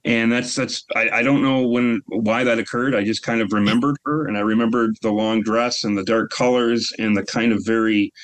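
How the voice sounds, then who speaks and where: A man's voice: lowish voice, steady tone, normal speed, hardly any pauses. A man who writes the show, chatting casually on a podcast in a rambling way. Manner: rambling, many restarts.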